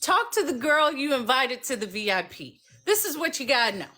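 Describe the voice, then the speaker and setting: A woman hosting a casual live stream, telling a lively story and acting out the voices of the people in it. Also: sits high, fairly quick, faint music behind. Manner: animated storyteller who acts out voices. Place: home by a fireplace.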